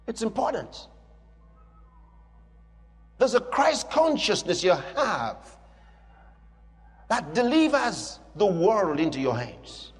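A man preaching a sermon with emphatic, repetitive declarations that rise to shouting. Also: sits high, big pitch swings, takes it slowly, pauses often. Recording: long hall reverb with faint music.

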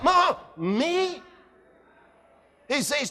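High, animated preacher man in a big hall. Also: slow, long pauses. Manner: dramatic, shifts between shouting and low intensity. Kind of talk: sermon. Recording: long reverb of a large hall.

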